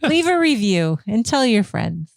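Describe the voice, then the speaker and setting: A woman chatting playfully as a guest on a podcast, her voice moving up and down a lot in pitch. The sound is dry and close. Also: sing-song, a little slow, vocal fry, no echo. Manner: playful, laughing. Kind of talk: casual chat.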